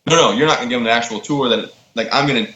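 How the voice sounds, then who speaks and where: A man in his thirties talks quickly with a bright, forceful voice as a podcast guest. He tells his stories casually and acts out the quotes. The sound is roomy, a little dull, with faint ambience behind him. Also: mid-range voice. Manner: animated, quick storyteller acting out quotes. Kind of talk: casual storytelling.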